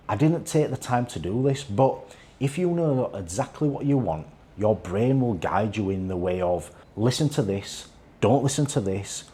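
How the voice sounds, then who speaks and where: Earnest low-voiced male motivational coach. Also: mellow. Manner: earnest, repetitive motivational delivery. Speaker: fitness and life coach. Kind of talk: motivational talking-to-camera vlog.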